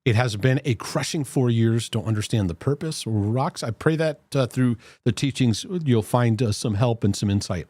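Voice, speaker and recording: A man's voice: mid-range voice, moderate pace, hardly any pauses, a little mellow, no room sound. A man hosting a Christian mental health livestream, chatting casually and reading out viewer comments, laughing easily between them. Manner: chatty, laughs easily, many fillers and restarts.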